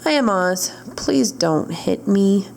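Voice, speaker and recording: A woman's voice: mid-range voice, lively intonation, takes it slowly, vocal fry, a little mellow, a little hiss or hum. A woman voicing a timid old bald wizard who speaks in a shaking voice. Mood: pleading. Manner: shaky, trembling voice. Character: trembling, fussy old bald wizard man.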